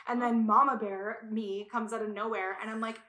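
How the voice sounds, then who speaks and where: A woman with a bright, forceful voice tells a story between friends. She is animated, swears often and acts out what people said in loud bursts. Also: a little high, a little fast, slight background noise. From Italian heritage. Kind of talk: casual chat.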